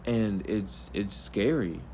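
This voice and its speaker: Talking slowly in a voice on the low side with a darkish tone, a spiritual reader offers the viewer an earnest, soothing pep talk. He rambles and repeats himself, and a faint hiss or hum sits in the background.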